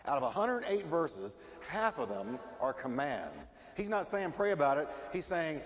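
A middle-aged male pastor preaches with lively, swinging pitch in a fairly high voice. He talks emphatically and keeps asking his listeners rhetorical questions. A long hall reverb trails behind every phrase. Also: measured pace. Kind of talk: sermon.

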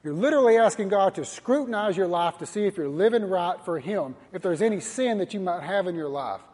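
A man's voice: sits high, lively intonation, fairly quick, darkish tone, big-room sound. A man preaching a sermon as a pastor, earnest and repetitive, challenging his listeners directly.

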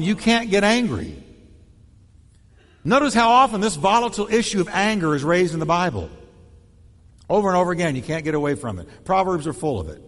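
A man preaching a sermon in an animated way, acting out quoted voices with shifting tone and pace. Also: high voice, long reverb tail. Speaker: pastor.

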